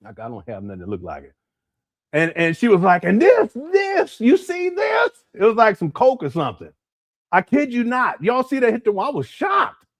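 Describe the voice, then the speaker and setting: A man with a high voice and big pitch swings talks fairly quickly as he hosts a livestream, chatting casually and rambling with viewers while giggling often and breaking into bits of song. The sound is dry, clean studio quality.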